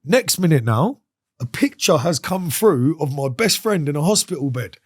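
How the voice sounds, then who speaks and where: A man sits in as a podcast guest and tells a story in a lively, streetwise way. His speaking voice sits a little higher than most men's. He swears freely and slips in and out of the voices of the people he quotes. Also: normal speed, slightly rough. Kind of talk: casual interview storytelling.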